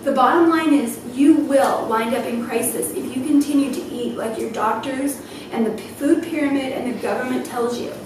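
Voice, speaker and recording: A woman's voice: high-pitched, steady tone, normal speed. Emotional woman in an echoey hall. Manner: emotional, laughing through tears. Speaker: speaker at a health event. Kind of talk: personal testimony talk. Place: event hall. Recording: distant, echoey hall with noise.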